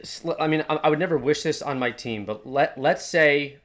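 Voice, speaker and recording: Argumentative man with a higher voice. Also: normal speed, a bit bright. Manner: argumentative, stammering restarts. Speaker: podcast co-host. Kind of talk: casual chat.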